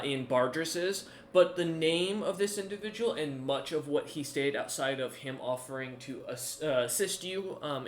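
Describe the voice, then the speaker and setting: A man's voice: medium pitch, a bit bright, a little hiss or hum. Rambling man running a tabletop game. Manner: rambling, full of ums and restarts. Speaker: game master. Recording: echoey room.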